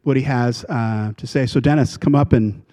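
A man, the pastor, earnestly introducing a guest preacher, with many filler pauses. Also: medium pitch, fairly even intonation, warm tone. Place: church.

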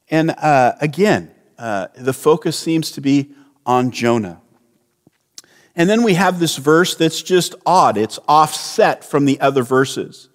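Man, pastor, slow earnest sermon, fairly high voice, long church reverb. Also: expressive. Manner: slow, earnest preaching with frequent restarts.

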